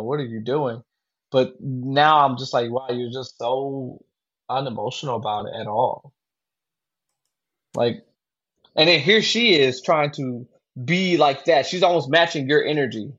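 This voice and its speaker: A man co-hosting a podcast chats loosely about a movie, rambling and restarting his sentences. His voice sits at a middling pitch, and the recording sounds a little dull and lo-fi. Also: breathy edge. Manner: rambling, lots of fillers and restarts. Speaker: podcast co-host. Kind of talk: casual movie discussion.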